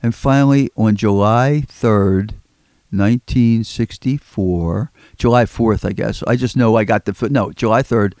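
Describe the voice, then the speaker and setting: A man's voice: fairly low pitch, a little slow, a little mellow, dry recording. An older man, telling rambling stories as an interview guest and acting out quotes. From Philadelphia. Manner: rambling, repeats words, acts out quotes. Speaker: record collector guest. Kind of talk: storytelling in an interview. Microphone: studio microphone.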